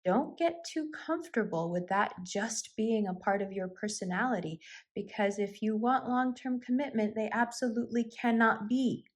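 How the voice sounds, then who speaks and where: A woman giving a tarot card reading in an intimate, reassuring way. She laughs easily and sometimes drops into soft whispers. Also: a little high, moderate pace. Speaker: tarot reader.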